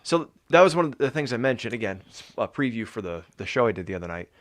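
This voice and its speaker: A man co-hosting a podcast in a relaxed, conversational chat. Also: medium pitch, fast, no echo. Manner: relaxed, conversational, laid-back. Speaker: podcast co-host.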